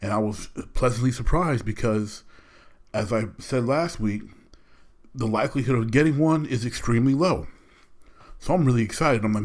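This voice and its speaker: Animated man venting on his podcast. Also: mid-range voice, normal speed. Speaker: podcast host. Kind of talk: casual podcast monologue.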